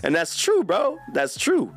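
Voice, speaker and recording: A man's voice: high-pitched, huge pitch swings, unhurried, soft background music. A man hosting a live podcast, reading chat comments in a casual, profane, slang-heavy way. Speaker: podcast host.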